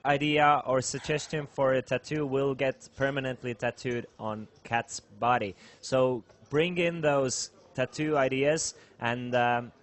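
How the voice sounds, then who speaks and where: A man commentating a live poker stream, calling the action and laughing easily. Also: medium pitch.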